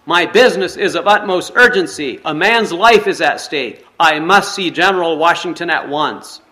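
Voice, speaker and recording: A man's voice: fairly high pitch, moderate pace, pushed and bright. A man voicing an earnest, forgiving old gray-haired man who speaks in a pleading way.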